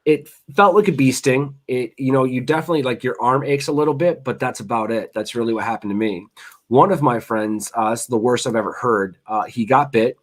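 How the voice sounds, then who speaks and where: A man hosting a relaxed talk show, telling stories in a loose, rambling way. He swears casually and restarts his sentences often. His pitch sits in the middle of the range. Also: fairly quick. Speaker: host, chef. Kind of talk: casual chat.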